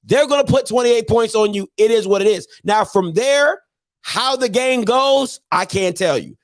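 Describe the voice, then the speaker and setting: A man's voice: very high voice, normal speed, no room sound. A man hosting a live call-in sports talk show, talking emphatically and repeating his points.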